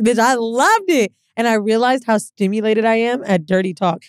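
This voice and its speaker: A young woman with a smooth, fairly high voice co-hosts a podcast, speaking at normal speed with no echo. Chatting casually, she tells a candid story and animatedly acts out others' words.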